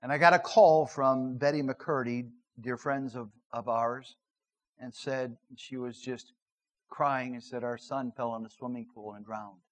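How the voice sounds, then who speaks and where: A middle-aged man, a pastor, preaching a sermon and telling a personal story, moving between loud emphatic lines and hushed, earnest narration. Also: mid-range voice, fairly even intonation, unhurried, poor audio.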